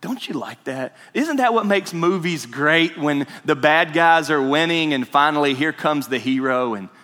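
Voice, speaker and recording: Pastor preaching to the room, chatty, asks questions, echoey church hall. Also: male voice, a little high, expressive, moderate pace, pushed and bright. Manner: conversational preaching, asks the congregation questions, restarts words. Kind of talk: sermon.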